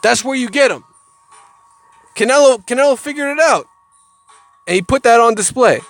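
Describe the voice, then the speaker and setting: A man's voice: very high-pitched, animated, moderate pace, fairly bright tone, faint music behind. A man giving heated, profane boxing commentary, often repeating words as he gets worked up. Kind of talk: casual ranting commentary.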